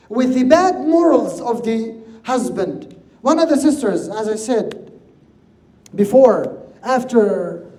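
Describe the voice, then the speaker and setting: A man delivers a religious lecture in an earnest, direct way, often repeating words for emphasis. His voice is mellow and warm. The sound carries a noticeable room echo. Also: extremely high pitch. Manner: earnest, repeats key words, addresses audience as guys. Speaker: imam giving a lecture. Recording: echoey room.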